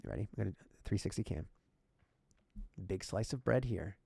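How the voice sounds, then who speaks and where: A man co-hosting a podcast in casual chat, talking in an animated way, jumping into quoted voices and cutting in on his guest. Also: lowish voice, normal speed, vocal fry, breathy edge, dry recording. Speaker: podcast co-host.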